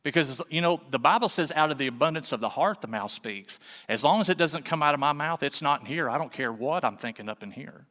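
A man preaching a sermon in a relaxed, folksy way, full of rhetorical questions, in a church sanctuary. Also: on the high side, fairly quick, few pauses, in a large hall. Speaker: pastor.

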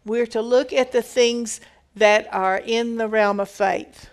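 A woman's voice: fairly high pitch, steady tone, takes it slowly. A woman giving a conversational Bible teaching, reading verses aloud and explaining them with emphatic repetition.

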